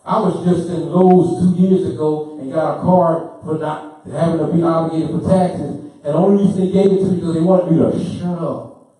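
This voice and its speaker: A man's voice: fairly high pitch, steady tone, normal speed. Fervent man lecturing in an echoey room. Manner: fervent, preaching, repeats himself, gets loud then apologizes. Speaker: speaker. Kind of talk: impassioned lecture. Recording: roomy, from far off the mic.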